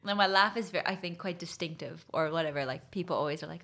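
A woman's voice: fairly low pitch, quick pace, fairly bright tone. A woman guest with a mixed American and South African accent, chatting casually and laughing heartily. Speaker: guest athlete. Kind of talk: casual interview chat.

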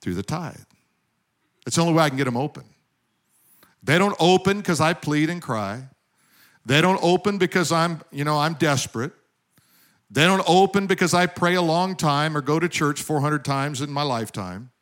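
A male pastor preaching a sermon, telling stories and swinging between loud emphasis and quiet asides. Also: a little high, moderate pace, pauses often.

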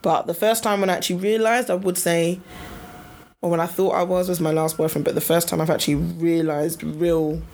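A woman's voice: fairly low pitch, fairly even intonation, a little fast, darkish tone, slight background noise. A woman in her twenties, co-hosting a podcast, chatting casually and reflectively, with some stops and restarts. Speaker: podcast co-host.

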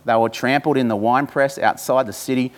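A male pastor with a medium-pitched, steady voice reads scripture slowly and deliberately during his sermon. He then breaks into informal asides to the congregation.

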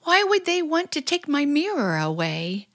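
A woman's voice: high-pitched, big pitch swings, moderate pace, fairly bright tone, full character voice. An actress playing a nervous, confused young woman who pleads and stammers, in an old radio play. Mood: frightened. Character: frightened young woman Dory, clinging and confused. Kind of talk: 1940s radio acting.

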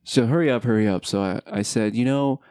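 A man's voice: mid-range voice, fairly quick, darkish tone, clean tone, no echo, studio quality. A middle-aged man hosting a podcast, telling a family story in a candid, reflective casual chat at home. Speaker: podcast host.

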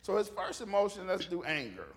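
A man's voice: high-pitched, sing-song, a little fast. A middle-aged male pastor, preaching a folksy sermon full of stories and calls for amens. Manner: folksy storytelling with call-and-response.

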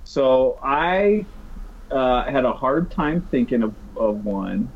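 Male co-host, wry and deliberate, lively pitch, dull lo-fi mic. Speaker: podcast co-host. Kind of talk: casual chat.

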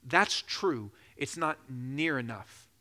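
A man in his thirties preaching a sermon, telling a joking personal story, then building to loud, slow emphasis. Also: mid-range voice, lively intonation. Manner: preaching with rising emphasis, slowing for key phrases; jokes and laughs during a personal story. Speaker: pastor.

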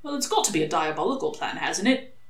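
A woman's voice: fairly low pitch, sing-song. A woman voicing a sly male demon who presses his arguments urgently. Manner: pushy, fast-pressing arguments. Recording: echoey room.

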